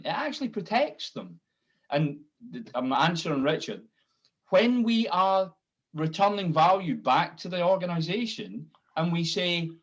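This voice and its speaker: Blunt man on a muffled call. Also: high voice. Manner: blunt, swears, acts out quoted exchanges with laughs. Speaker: panel participant. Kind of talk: casual online panel discussion.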